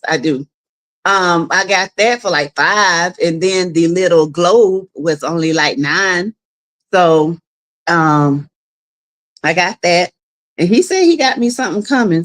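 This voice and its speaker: A woman's voice: medium pitch, fairly bright tone. A woman hosting a casual live stream from her home, chatting with viewers, greeting them by name and laughing often. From South Carolina. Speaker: livestream host.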